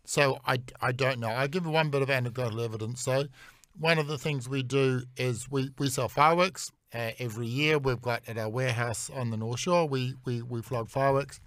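Kiwi bloke on a politics panel, wry, lots of restarts, dry studio sound. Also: male voice, mid-range voice, steady tone, a little fast, a bit bright, dry recording.

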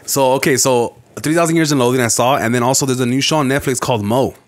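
Fast-talking young man telling rambling stories. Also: mid-range voice. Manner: rambling, profane, animated storytelling. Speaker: podcast co-host. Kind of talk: casual chat.

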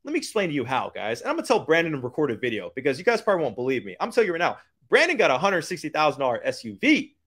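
A man giving a hyped motivational business pitch, using street slang and repeating lines for emphasis. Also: huge pitch swings, rapid-fire, few pauses, a bit bright, breathy edge. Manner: hyped, keeps calling out to "guys". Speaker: business coach.

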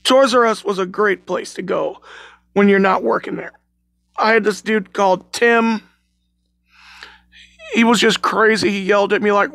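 A man's voice: sits high, fairly even intonation, normal speed, vocal fry, pauses often, fairly bright tone, dry recording. A man telling a scary work story in a rambling, self-correcting way, recorded on a phone. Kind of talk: casual spoken scary story.

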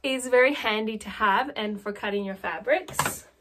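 A woman's voice: on the high side, moderate pace, background noise. Chatty Australian woman vlogger. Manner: chatty, rambling, self-mocking humor. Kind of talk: casual chat to camera.

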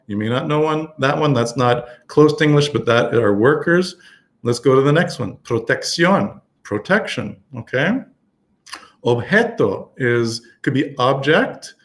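A man teaching a Spanish lesson on a live stream, talking casually with many fillers and restarts. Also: medium pitch.

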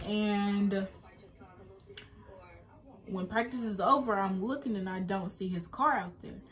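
A woman's voice: mid-range voice, slow, fairly bright tone. Young woman telling a sad story, casual. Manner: casual, emotional retelling with many fillers. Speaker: vlogger. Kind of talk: personal storytime.

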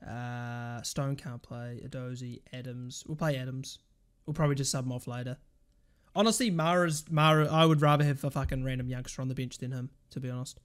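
A man commentating his football video game, swearing and shouting at the play. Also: fairly even intonation, a little fast, smooth. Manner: swears and shouts at the game, pitch jumps high in frustration. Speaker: gaming channel host. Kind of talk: live gameplay commentary.

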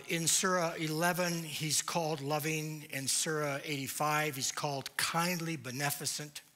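A man giving a church lecture, deliberate and emphatic, posing rhetorical questions to his audience. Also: fairly high pitch, pushed and bright.

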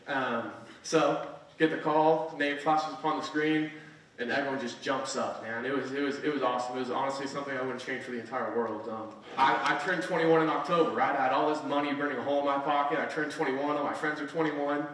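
A man's voice: mid-range voice, fairly even intonation, brisk, a bit bright. Young man telling his story in an echoey hall. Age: 20s. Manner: earnest storytelling, frequent "right?". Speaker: motivational speaker. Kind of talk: motivational speech. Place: conference hall. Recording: echoey hall, mic at a distance.

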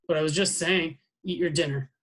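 A man voicing a mother who speaks quickly and curtly. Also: on the high side, fairly even intonation, fairly bright tone. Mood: brisk. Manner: quick, curt. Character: brisk mother of a household, hurried.

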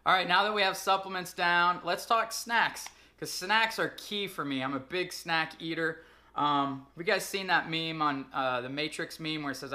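A fitness trainer speaking in a casual vlog, upbeat and chatty, running through products and numbers with frequent ums. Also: male voice, mid-range voice, bright, forceful tone.

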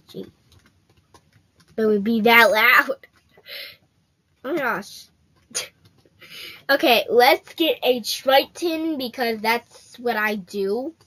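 A woman's voice: on the high side, a bit bright. A female gaming host giving casual, playful commentary straight to her viewers while she plays.

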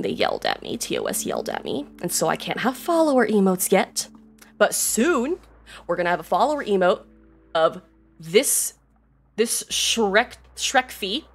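A woman streaming a game to her chat, bubbly and excitable, laughing often, swearing casually and saying y'all. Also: lowish voice. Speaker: Twitch streamer. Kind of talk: casual live-stream chat while gaming.

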